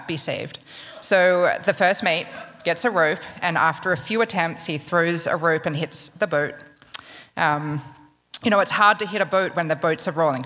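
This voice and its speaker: A woman's voice: deep voice, a bit bright. A woman from Australia with an Australian accent, telling a wry, humorous true story in a conversational way. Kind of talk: live spoken storytelling. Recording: long reverb of a large hall.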